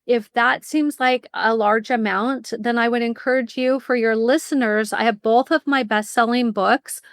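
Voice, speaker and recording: A middle-aged woman speaking as a podcast guest, telling stories with lively energy and explaining her services in bursts. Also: a little high, dry recording, clean studio sound. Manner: lively storyteller, fast bursts when explaining. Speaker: guest, college admissions consultant. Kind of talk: casual interview chat.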